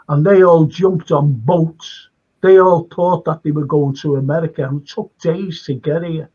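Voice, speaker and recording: Older Liverpool-accented male guest, retired lecturer, rambling and emphatic, raspy voice, muffled recording. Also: fairly high pitch, a little mellow. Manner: rambling, repeats phrases, emphatic. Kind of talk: casual conversation.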